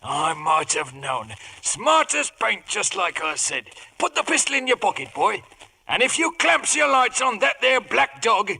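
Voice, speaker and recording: An actor playing a hearty, scheming one-legged pirate cook with a gravelly seafaring brogue in a 1950s radio drama. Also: male voice, high voice, very animated, a little slow, pushed and bright, full character voice. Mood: wheedling.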